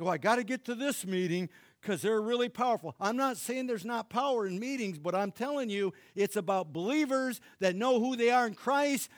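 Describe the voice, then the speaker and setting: A middle-aged man from Michigan preaching a sermon and leading prayer, fervent and rising to loud exclamations. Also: high-pitched, dry recording, studio quality. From Michigan, USA. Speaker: pastor.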